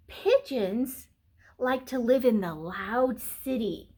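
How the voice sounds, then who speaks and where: A woman reading a children's picture book aloud, animated, with gasps, whispers and playful animal sounds. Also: a little high, slow, breathy edge.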